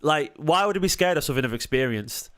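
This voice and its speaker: A man hosting a live football watchalong, sarcastic and defensive as he talks back to viewers in the chat, moving from low mutters to sharp raised outbursts. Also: expressive, quick pace. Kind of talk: live-stream match commentary and chat replies.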